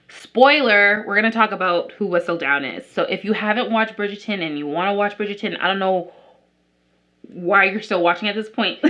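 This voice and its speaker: A woman's voice: mid-range voice, sharp tone. A young woman vlogger chatting casually as she does her makeup, rambling with lots of likes and restarts. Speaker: beauty vlogger. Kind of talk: casual chat while doing makeup.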